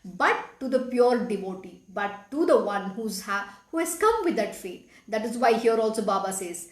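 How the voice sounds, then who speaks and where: A woman's voice: mid-range voice, animated, moderate pace. Woman reading scripture and explaining it, earnest and emphatic, sounds kinda roomy. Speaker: spiritual teacher reading scripture. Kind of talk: devotional scripture reading and exposition.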